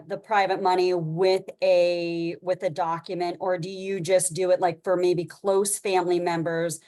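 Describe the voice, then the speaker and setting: A woman's voice: lowish voice, darkish tone. A woman taking part in an online class, asking the coach a question and hesitating as she looks for her words. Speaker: class participant. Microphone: video call.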